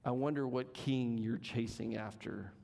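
A man preaching a sermon in a church, dramatic and emphatic, stretching out key words and swinging between loud and soft. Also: mid-range voice, steady tone, a little slow, gravelly, long reverb tail. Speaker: pastor. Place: church sanctuary.

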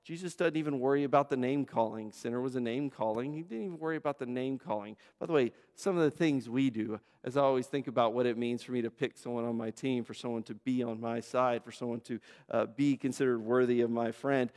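A man's voice: medium pitch, fast talker, few pauses, a little mellow. A man preaching a sermon as a pastor, emphatic and repetitive, piling up phrases and asking the congregation rhetorical questions. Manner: conversational asides and rhetorical questions. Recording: long reverb of a large hall.

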